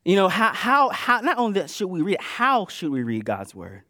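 A man preaching a sermon in a casual, conversational way, moving between loud bursts and hushed asides. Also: sits high, wildly swooping pitch, moderate pace, no echo, clean studio sound. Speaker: pastor.

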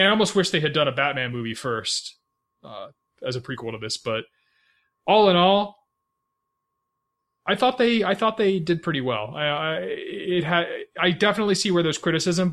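In a casual movie chat, a podcast co-host rambles with lots of fillers and restarts and laughs often. His voice is mid-range, bright and forceful.

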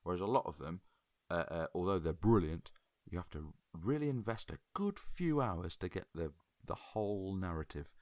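Deep-voiced co-host, eager, stumbling restarts. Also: male voice, lively intonation, a little mellow, no echo. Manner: enthusiastic, halting with repeated starts. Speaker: podcast co-host. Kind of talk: casual chat.

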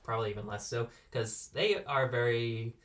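A Californian man co-hosts a laid-back podcast, offering animal facts with dry humor and occasionally correcting himself. His voice is medium-pitched, a little bright, at a normal speed, picked up by a distant mic.

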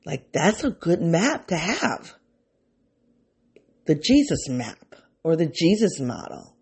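A man's voice: fairly high pitch, very animated, slow pace, vocal fry, darkish tone, husky. A man talking to his viewers in an unscripted reflective monologue, rambling and restarting his thoughts, openly emotional. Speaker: vlogger speaking to his viewers.

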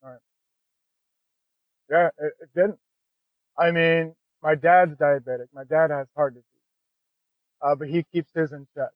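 A man speaks as a podcast guest, recounting his life plainly and candidly. His voice sits a little high for a man and comes through dry and narrow, like a phone call. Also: fairly even intonation, a little slow, long pauses, no room sound. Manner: earnest and candid, says "man" and "you know" often. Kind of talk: conversational storytelling.

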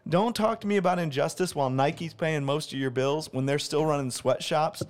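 A man co-hosting a podcast who talks in an animated, exasperated way, ranting his opinions in casual chat. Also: on the high side, moderate pace. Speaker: podcast co-host.

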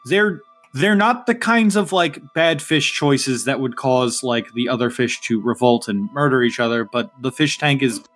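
A man narrating a tabletop game as game master, chatty and relaxed, with many fillers. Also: medium pitch, normal speed, faint music behind.

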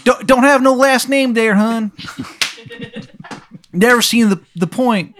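A man voicing a pushy stranger with a deliberately bad, high Maryland accent who keeps calling people hun. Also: fairly bright tone, slight background noise, full character voice. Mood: pushy, chummy.

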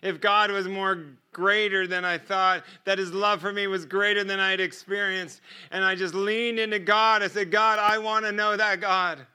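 Brief: American male preacher, higher voice, very bright and ringing tone, storytelling testimony style. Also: level tone, moderate pace, hardly any pauses, clean tone. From United States. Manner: vivid storyteller who acts out dialogue and laughs often. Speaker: guest preacher.

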